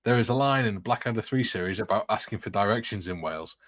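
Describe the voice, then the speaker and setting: Low-voiced man telling rambling stories. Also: moderate pace, pauses often, a bit bright, dry recording. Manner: rambling anecdotal storyteller. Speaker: scale model builder on a stream. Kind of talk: casual chat reading viewer comments.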